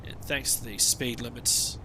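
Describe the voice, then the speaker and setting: A man's voice: mid-range voice, fairly even intonation, normal speed, background noise. An Australian man chatting casually over his gameplay stream, rambling and swearing with sarcastic asides.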